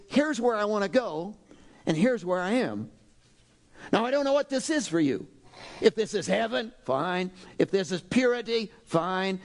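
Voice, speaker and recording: A man preaching a sermon in an animated, dramatic way, now and then breaking into loud exhortations. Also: high voice. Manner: animated, dramatic, shifts into shouted exhortations and acted quotes. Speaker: pastor.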